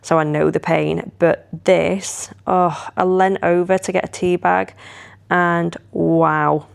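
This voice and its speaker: Woman, low gravelly voice, rambling chatty vlogger. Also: takes it slowly. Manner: chatty, rambling, animated when retelling. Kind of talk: casual vlog chat.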